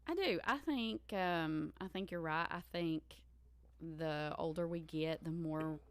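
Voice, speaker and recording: A woman's voice: low-pitched, unhurried. A woman co-hosting a podcast in easy, agreeable casual chat. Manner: agreeable, chatty. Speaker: podcast co-host.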